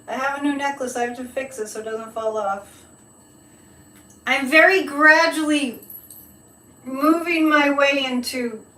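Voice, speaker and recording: Slow-talking bright-voiced woman host. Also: high voice, distant mic. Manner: chatty, rambling, opinionated, reads viewer comments. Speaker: psychic livestream host. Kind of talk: casual live-stream chat. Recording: echoey room, voice a bit off-mic.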